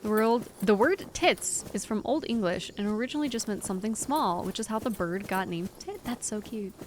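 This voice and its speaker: A woman's voice: mid-range voice, animated, brisk, slight background noise. A young woman streaming a game live, chatting casually with her viewers in a rambling, giggly way. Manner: rambling, giggly, talks to chat.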